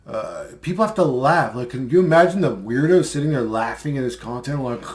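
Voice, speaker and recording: A man making a casual commentary vlog replies to comments in a medium-pitched, expressive, darkish voice at a fairly quick pace. He rambles and mocks, using many fillers.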